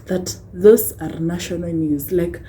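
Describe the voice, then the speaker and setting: A woman's voice: fairly low pitch, unhurried, warm tone, slight background noise, rough recording. Impassioned young Kenyan woman ranting. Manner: impassioned, rhetorical, tags lines with "hmm?" and wry laughs. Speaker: vlogger. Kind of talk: ranting vlog.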